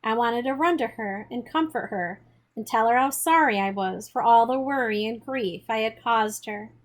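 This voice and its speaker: A woman reading a children's novel aloud in a steady, measured storytelling manner. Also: on the high side. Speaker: audiobook reader.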